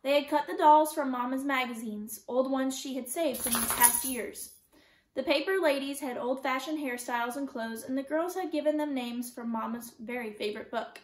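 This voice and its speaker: Woman, teacher, reading a chapter aloud, expressive, high-pitched, roomy echo. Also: normal speed. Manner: clear, expressive storytelling.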